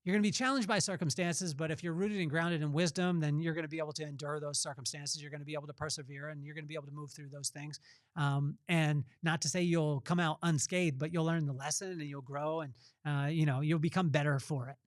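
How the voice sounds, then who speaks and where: A podcast host with a voice on the high side talks fast in a flat delivery, recorded in studio quality with no room sound. He gives a faith-based motivational talk conversationally, repeating phrases for emphasis.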